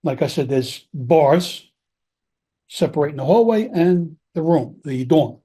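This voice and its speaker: A middle-aged man, guesting on a podcast, recounts his time in prison in a blunt, profane and animated way, as if in a casual interview. His voice is fairly high for a man yet mellow and husky, and he keeps a measured pace.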